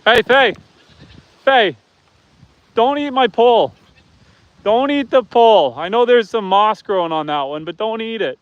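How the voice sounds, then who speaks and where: Outdoors among his animals, a man runs a casual farm livestream, talking with viewers and addressing his pigs, goats and chickens. He has a high voice with lively intonation, speaks a little slowly with long pauses, and the recording is dry and muffled.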